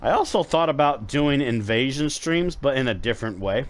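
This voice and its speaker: A man's voice: mid-range voice, lively intonation, moderate pace. A man casually chatting to viewers while streaming a game, rambling and swearing freely. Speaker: gaming streamer. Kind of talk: casual live gameplay commentary.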